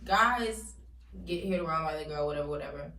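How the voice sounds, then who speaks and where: A woman co-hosting a casual group debate, animated and quick to laugh, talking over the others. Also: sits low, vocal fry. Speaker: co-host. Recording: echoey room, mic at a distance.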